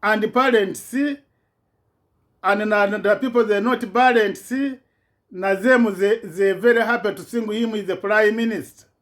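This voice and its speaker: A man's voice: high voice, steady tone, slow, a bit bright. A man giving an impassioned political rant in broken, non-native English, repeating himself with indignation. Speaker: vlogger.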